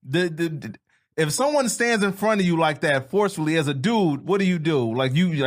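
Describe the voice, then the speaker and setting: A man's voice: on the high side, animated, brisk. A man co-hosting a comedy podcast in casual banter, swearing freely and jumping into mocking impressions.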